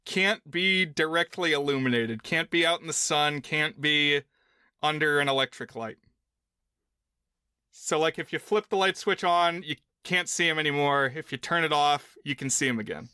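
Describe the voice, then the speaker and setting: A man's voice: fairly high pitch, moderate pace, bright, forceful tone, clean tone, dry recording, clean studio sound. A man co-hosting a film podcast, casually walking through a movie's plot and rules at length. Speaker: podcast co-host.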